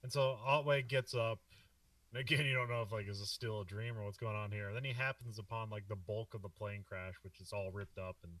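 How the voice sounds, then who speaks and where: A man's voice: fairly low pitch, fairly even intonation, brisk, fairly bright tone, dry recording, distant mic. A man co-hosting a podcast, recapping a film in a loose, rambling way and laughing often. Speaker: podcast co-host. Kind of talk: casual film discussion.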